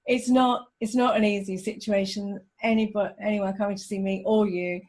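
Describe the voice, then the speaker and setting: A woman's voice: medium pitch, steady tone, moderate pace, a little mellow. A woman, a relationship counsellor, hosting a podcast interview and talking in an empathetic, thinking-aloud way.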